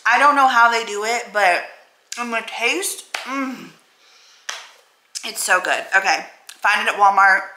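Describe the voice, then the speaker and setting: Woman vlogger, bright forceful voice, candid and blunt, swears freely, roomy echo. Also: medium pitch. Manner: emotional, blunt and self-affirming, cusses freely. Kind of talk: candid talking-to-camera vlog. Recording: roomy echoey room.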